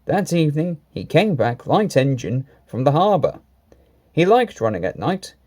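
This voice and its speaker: A man reading a children's railway story in an animated, sing-song voice. His tone is mellow and soft-edged, and he tells the story with clear expression. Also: on the high side, moderate pace.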